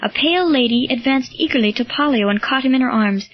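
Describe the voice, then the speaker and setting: A woman narrating an audiobook in a steady, clear storytelling manner. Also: high-pitched, fast talker, few pauses, no echo, faint music behind. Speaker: audiobook reader. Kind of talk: scripted narration. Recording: dull lo-fi, dry.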